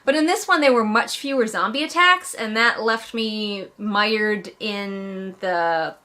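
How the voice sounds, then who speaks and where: A woman casually reviewing a book she has read, talking in an animated way and jumping up in pitch for emphasis. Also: slow.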